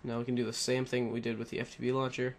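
A man's mid-range voice, level in tone and very fast, narrates a casual screen-recorded computer tutorial through a headset. There's a little hiss or hum, and he rambles with many fillers and self-corrections.

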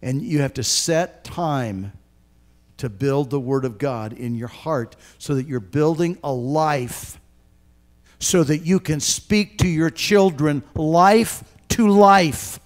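An older man preaching with a fairly high voice, earnest and emphatic. He talks straight to his listeners and moves from hushed, soft passages to loud, urgent ones. It is a pastor's sermon, full of direct appeals. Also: slow pace.

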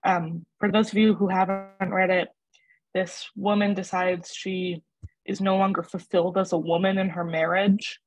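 A young woman student speaking up in class, quick and eager. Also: medium pitch, level tone, soft background music, low-quality recording. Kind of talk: class discussion.

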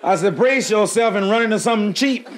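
High-voiced man doing raunchy stand-up. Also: a little fast. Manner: raunchy punchline delivery. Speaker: stand-up comedian. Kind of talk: live stand-up before a crowd. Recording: live club recording with crowd.

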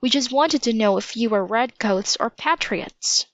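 A woman's voice: fairly high pitch, animated, a little slow, no echo. Cautious worried boy, read by a woman. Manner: worried, hushed. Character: cautious, serious young boy. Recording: dull lo-fi recording.

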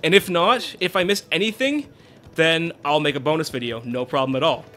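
A man's voice: a little high, brisk, pushed and bright, soft background music. A man giving casual commentary while playing a video game, chatty and self-correcting, on a desktop mic. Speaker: let's play host.

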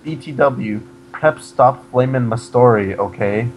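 A man giving a comedic reading of a fan fiction, deadpan, breaking off to mock the text. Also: mid-range voice, a little slow, a little hiss or hum, poor audio.

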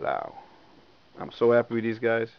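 A young man reviewing sneakers in a casual, excited vlog, swearing often and repeating himself, recorded at home. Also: fairly high pitch, normal speed, highs cut off. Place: indoors at home.

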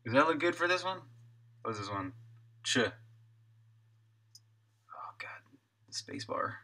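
A man's voice: mid-range voice, very animated, takes it slowly, sharp tone. A man, an indie game developer, chatting casually on a live stream while he works, thinking aloud, answering chat and chuckling often.

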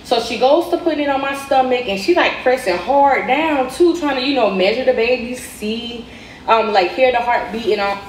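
A woman's voice: a little high, moderate pace, recorded from a distance, a little hiss or hum. Young Southern woman telling a story. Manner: conversational, retells dialogue. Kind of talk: storytime narration. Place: played clip inside a reaction video. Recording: echoey clip heard from afar.

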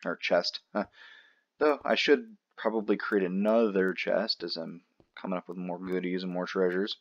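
A man's voice: lowish voice, highs cut off. A man hosting a gaming channel, talking casually through his play with joking asides to himself. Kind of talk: casual let's-play commentary.

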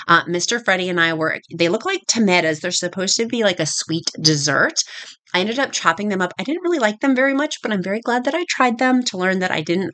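A woman's voice: fairly low pitch, fairly bright tone. A woman chatting casually with viewers in a home vlog, friendly and talkative. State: nervous, speaking quietly. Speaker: vlogger.

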